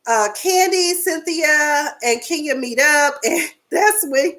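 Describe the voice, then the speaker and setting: A woman in her forties chatting casually as she recaps a reality show, sassy and talkative, her pitch jumping between high and low. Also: lively intonation, slow pace, fairly bright tone. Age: 40s.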